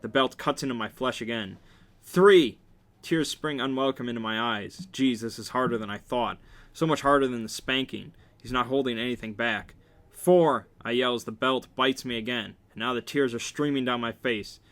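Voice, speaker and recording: A man reads a novel aloud with a bright, forward tone and a middling pitch. He keeps it wry and casual, dropping joking asides between passages. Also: steady tone, a little fast. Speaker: reader.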